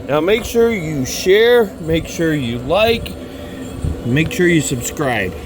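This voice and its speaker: A man who owns a grill shop tastes his own food during a casual demo, letting out drawn-out, enthusiastic exclamations of delight as he chews and talks. His voice is a little high, with background noise audible.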